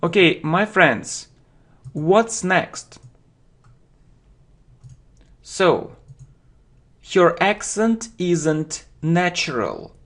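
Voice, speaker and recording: A man teaches vocabulary at a very slow, careful pace, repeating words and phrases for his learners. His voice sits a little high for a man. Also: big pitch swings, a bit bright. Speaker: English teacher.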